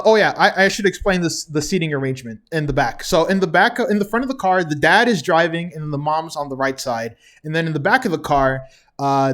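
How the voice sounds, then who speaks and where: A man's voice: fairly high pitch, fairly bright tone. A young man casually recapping a TV episode, chatty and chuckling often between remarks. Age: young adult. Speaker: TV recap vlogger.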